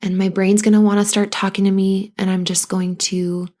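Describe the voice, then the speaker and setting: A woman hosting a solo podcast as a postpartum coach, talking listeners gently through anxiety and now and then acting out their worried thoughts. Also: medium pitch, flat delivery, normal speed. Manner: gentle, coaching, acts out anxious inner voices.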